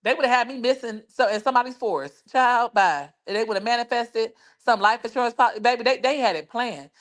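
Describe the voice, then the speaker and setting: A woman's voice: a little high, fairly quick. A woman hosting a livestream, gossiping in a brash, profane, laughing way. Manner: brash, profane, laughing, lots of "child" and "baby". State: injured foot. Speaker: livestream host. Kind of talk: casual gossip chat.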